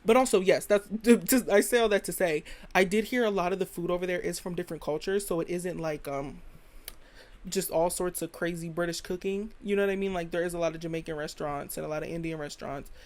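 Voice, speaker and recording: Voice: medium pitch, quick pace. An American podcast host giving a rambling, opinionated solo monologue full of slang. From United States.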